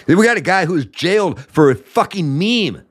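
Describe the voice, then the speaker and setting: A man's voice: high voice, expressive, moderate pace, slightly rough. A man from the United States hosting a political commentary show, ranting with anger and profanity. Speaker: podcast host.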